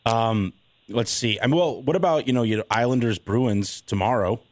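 A man co-hosting a sports radio show, tossing in questions with fillers and quick agreements. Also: mid-range voice, dry recording.

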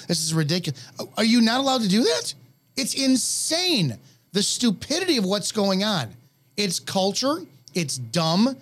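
A man's voice: high voice, fairly bright tone. A man co-hosting a radio talk show, ranting bluntly and heatedly with plenty of profanity.

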